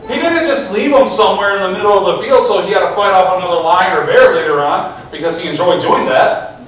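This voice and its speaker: A man's voice: high voice, animated, fast talker, fairly bright tone, slight background noise. A male preacher giving a conversational sermon, asking the congregation questions, recorded from far off in a church. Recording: echoey church hall, mic far off.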